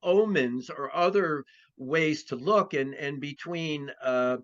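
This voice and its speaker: A male astrologer, a guest in a conversational interview, speaks slowly in a fairly high, slightly bright voice. He rambles, with many restarts and fillers, and the recording has a dull lo-fi sound.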